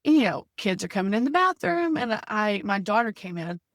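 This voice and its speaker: This woman's mid-range voice swings widely in pitch at a normal speed, on studio-quality audio with no room sound. In her thirties and from the United States, she earnestly tells her faith-centered story as a podcast guest, leaning on "like" and "you know."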